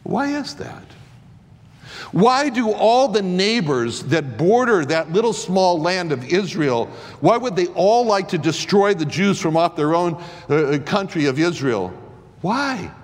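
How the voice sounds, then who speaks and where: A man's voice: sits high, very animated, a little slow. A man giving an impassioned lecture, firing rhetorical questions and often stumbling over repeated words. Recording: long hall reverb.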